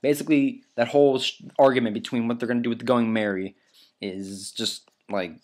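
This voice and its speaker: A man's voice: mid-range voice, steady tone, fairly quick, darkish tone. A man talking through a countdown list in casual vlog style, rambling with lots of fillers and casual swearing. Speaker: anime vlogger ranking moments.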